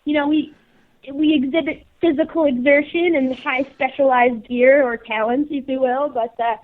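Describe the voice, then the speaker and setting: A Canadian woman co-hosting a casual radio show, energetic and slangy, laughing easily. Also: high voice, moderate pace. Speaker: co-host. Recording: tinny phone line.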